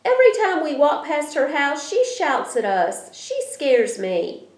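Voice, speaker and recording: A woman's voice: high voice, wildly swooping pitch, a little slow, voice pushed up, exaggerated voice. A woman voicing a frightened young boy in a storybook read aloud. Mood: scared. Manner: nervous, talkative. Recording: roomy echo.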